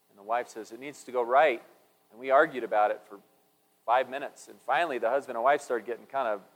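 A man tells jokes and stories from the pulpit in a loose, folksy way, full of fillers and restarts. His voice sits at an ordinary pitch. The sound rings with the long reverb of a large hall. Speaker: preacher.

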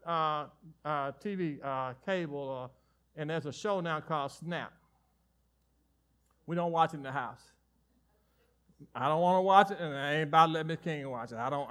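A man preaching a lively sermon in a high, bright voice. He swings between forceful declarations and quiet, folksy asides, joking easily with his congregation. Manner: animated preaching with sudden drops to soft asides. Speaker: pastor.

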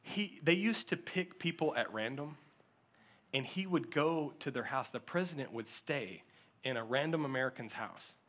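A male pastor preaching a sermon, telling stories with lively acted-out quotes and frequent laughter. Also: mid-range voice, moderate pace. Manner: animated storytelling, acts out quotes, often laughs.

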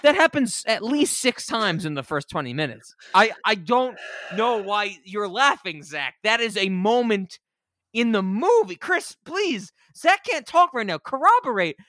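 Brief: bright-voiced male podcast co-host, high and lively, jokey, dry close mic. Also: a little slow, no room sound. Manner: animated, jokey, acts out lines in mock voices. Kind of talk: casual comedic film discussion.

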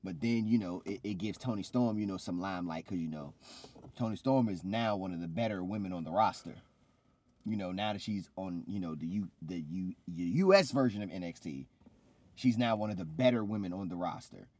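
A man co-hosting a casual podcast, recapping wrestling in a loose, animated way and acting out quotes. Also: low voice, a little fast, dry recording. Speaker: podcast co-host.

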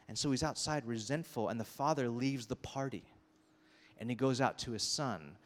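A man preaching a sermon in a large hall, his voice trailing off into a long reverb. He talks casually and with energy, acting out quotes and characters with quick asides to the congregation. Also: mid-range voice. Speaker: pastor.

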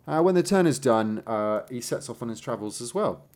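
A man's voice: medium pitch, lively intonation, fairly quick, darkish tone. A man reading a fairy tale aloud in a casual, joking way, putting on voices for the characters and laughing often.

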